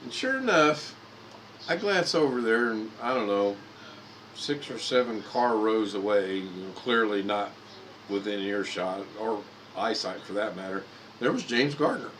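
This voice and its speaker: A man's voice: lowish voice, a bit bright, slight background noise, poor audio. A man in his fifties from Indiana, livestreaming and telling rambling personal stories with frequent restarts and self-corrections. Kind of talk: casual storytelling monologue.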